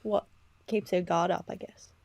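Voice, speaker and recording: A woman's voice: fairly low pitch, fairly even intonation, normal speed, a little mellow, no echo. A woman co-hosting a podcast, chatting casually in a laid-back way and swearing now and then. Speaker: podcast co-host. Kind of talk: casual chat.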